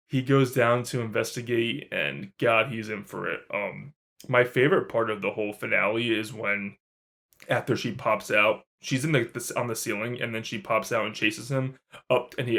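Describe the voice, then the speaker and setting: A man co-hosting a podcast, chatting casually and excitedly about a horror film, swearing freely. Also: medium pitch, moderate pace, creaky. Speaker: podcast co-host. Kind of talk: casual movie review chat.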